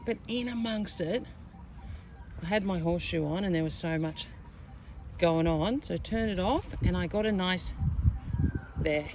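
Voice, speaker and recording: A woman giving chatty, excitable commentary to viewers while metal detecting outdoors in a park. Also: fairly low pitch, unhurried, long pauses. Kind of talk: casual commentary to camera. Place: outdoors in a park under trees. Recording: outdoor recording with clear wind and ambient noise.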